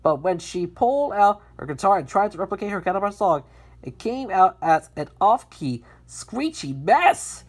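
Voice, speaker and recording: Storybook reader, woman, husky and animated, frequent restarts. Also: mid-range voice, normal speed. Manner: lively, with frequent restarts and stumbles. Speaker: narrator reading a fan story. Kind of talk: storybook reading.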